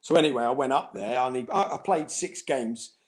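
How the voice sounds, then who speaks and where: In a casual interview, a retired footballer in middle age reels off stories at a brisk clip, his mid-range voice full of lively intonation. He laughs and mimics the people he's quoting.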